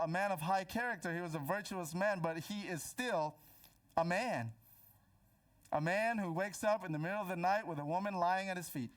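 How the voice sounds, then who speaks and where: A man in his thirties delivers a sermon in a church, weaving in a personal story. His voice sits a little high, and he often restarts phrases and drops to a hushed tone when building suspense. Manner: many restarts and repeated words. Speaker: pastor. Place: church auditorium.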